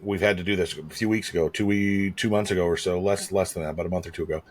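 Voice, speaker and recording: Low-voiced man rambling with curses. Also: steady tone, fast. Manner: rambling, profane, matter-of-fact. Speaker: podcast co-host. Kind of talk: casual podcast chat.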